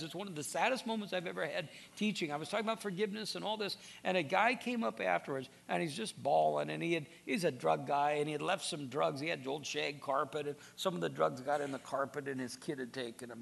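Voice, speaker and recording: A man's voice: a little high, vocal fry, a bit bright. A man preaching a sermon, earnest and direct, often repeating words as he starts a sentence. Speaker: pastor.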